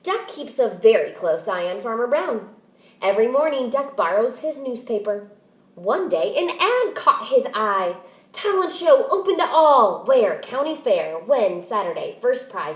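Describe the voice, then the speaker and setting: Slow, expressive teacher reading aloud. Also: female voice, a little high, reverberant. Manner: expressive, deliberate read-aloud. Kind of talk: reading a picture book aloud.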